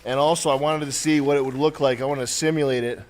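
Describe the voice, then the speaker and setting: A man in his forties, congested, rambling through deadpan jokes while chatting casually on a livestream. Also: mid-range voice, fast talker. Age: 40s. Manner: rambling, deadpan jokey banter. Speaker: streamer.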